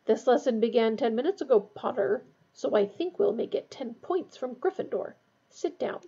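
A woman's voice: fairly high pitch, expressive, moderate pace, dark tone, husky, dull audio, full character voice. Woman reading as a cold, sneering professor. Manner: cold, mocking.

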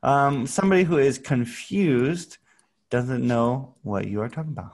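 A man gives an English lesson to young learners over a video call. He talks at a very unhurried pace, spelling out sounds with patience. Now and then he breaks into playful sound effects. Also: mid-range voice, lively intonation, darkish tone. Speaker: English teacher. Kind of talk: online English lesson for children.

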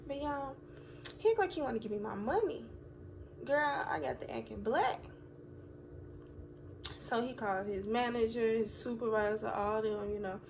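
A woman's voice: fairly high pitch, moderate pace, creaky, pauses often. A young woman telling a story to her viewers in a casual vlog, talking animatedly and cussing. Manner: animated, profane, addresses viewers as y'all. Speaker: vlogger. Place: hotel room. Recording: noisy phone recording.

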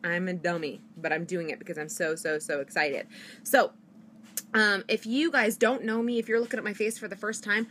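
A young woman who sells products from home, talking fast and gushing with excitement in a live video from her house. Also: mid-range voice, slight background noise. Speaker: direct sales consultant. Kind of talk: excited live-stream sales pitch. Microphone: phone or webcam.

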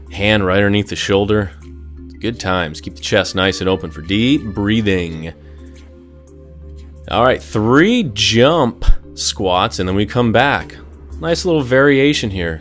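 A man coaching a burpee workout in an upbeat, jokey way, sometimes out of breath. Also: lowish voice. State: out of breath at times. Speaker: fitness instructor. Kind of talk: workout instruction.

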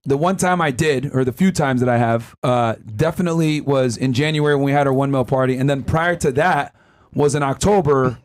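A man hosting a podcast, telling a story in a casual, animated way, his voice hoarse from cigars. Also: medium pitch, brisk. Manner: animated, excitable, swears freely. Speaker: podcast host.

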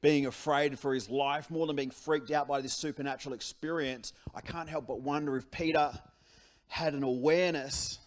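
A pastor speaks in church at normal speed, his male voice on the high side and his accent Australian. The sermon is conversational and animated, built around repeated key phrases.

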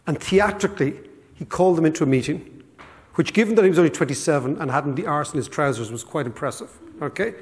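A man in his fifties with an Irish accent, giving a storytelling talk to an audience with lively asides. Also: fairly high pitch, fast talker, big-room sound. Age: 50s. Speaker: speaker. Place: school hall on stage.

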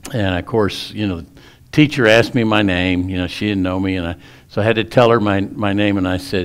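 A man's voice: on the low side, brisk. A male pastor preaching a sermon in a folksy storytelling way, often restarting his sentences.

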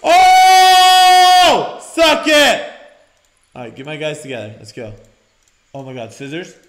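A young man hosting a let's-play, reading game prompts aloud and breaking into loud, excited shouts. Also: medium pitch, fast. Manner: energetic, bursts into loud shouts, reads on-screen prompts aloud. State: sore mouth after dental work. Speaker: gaming channel host. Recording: roomy home recording with game music behind.

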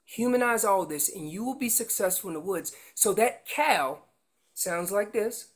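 A woman teaching elk calling in a seminar with slides. She explains with everyday comparisons and breaks into loud acted voices of calves and parents. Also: medium pitch, expressive, normal speed.

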